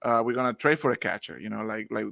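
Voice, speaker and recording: Bright-voiced man co-hosting a podcast. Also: fairly low pitch, fast talker, gravelly, dry recording, studio quality. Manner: joking, rambling questions. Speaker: podcast co-host. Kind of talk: casual sports chat.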